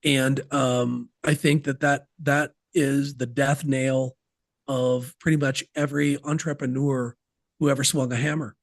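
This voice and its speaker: A man's voice: medium pitch, flat delivery, measured pace, dry recording, studio quality. A man guesting on a podcast interview, talking about business systems in an emphatic, folksy way with sports analogies.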